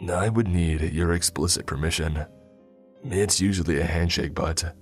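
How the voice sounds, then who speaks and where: A man voicing a calm, not-human male being who claims to be God, speaking in a cool, almost bored way. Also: sits low, moderate pace, faint music behind, lightly acted.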